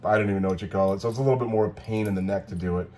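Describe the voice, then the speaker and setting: A man's voice: on the low side, racing, a little mellow. A man chatting casually while he demonstrates a cocktail at home, joking and correcting himself as he goes. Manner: rambling, joking, self-correcting. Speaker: cocktail video co-host.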